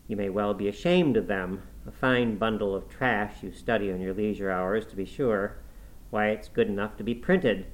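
A man's voice: fairly low pitch, steady tone, normal speed, natural voice, poor audio. A man reading aloud and voicing a stern middle-aged housekeeper who scolds a girl with scorn. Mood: scolding.

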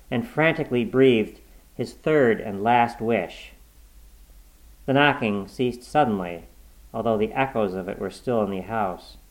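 Man, horror story narrator, measured, suspenseful, middle pitch. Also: rough recording.

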